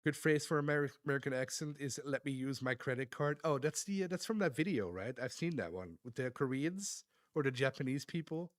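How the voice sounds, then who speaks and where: A man's voice: medium pitch, animated, a little fast, few pauses, no echo, clean studio sound. Casual man chatting with his viewers. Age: adult. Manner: reads chat aloud, laughs often, thanks viewers. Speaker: streamer. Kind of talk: casual live-stream chat.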